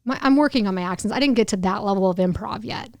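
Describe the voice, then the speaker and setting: A woman's voice: medium pitch, fast, no room sound. A woman guest on a podcast, chatting casually and laughing often. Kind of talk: casual chat.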